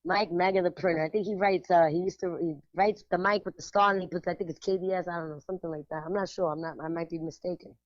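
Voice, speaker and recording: Lively woman co-host, emphatic, laughing, slips into Spanish; dry and dull lo-fi sound. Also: lowish voice, fast talker, few pauses, no echo. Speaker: art show curator and radio co-host. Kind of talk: casual radio chat.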